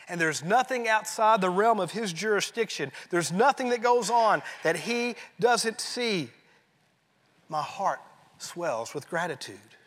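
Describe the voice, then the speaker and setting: A man preaching a sermon as pastor, emphatic and rising, then dropping to a hushed tone on key phrases. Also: sits high, in a large hall.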